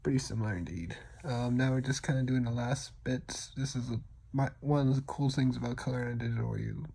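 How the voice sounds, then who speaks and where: Soft-spoken gravelly man, rambling. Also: mid-range voice, fairly quick. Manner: rambling, self-deprecating; talks quietly, partly whispered. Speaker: digital artist. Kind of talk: casual voice-over over a speed drawing.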